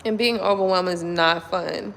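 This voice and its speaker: A woman's voice: lowish voice, moderate pace, gravelly, a bit bright, in a large hall, a little hiss or hum. A woman doing a blunt, profane casual chat with her live viewers, talking to them from home at night. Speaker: tarot reader.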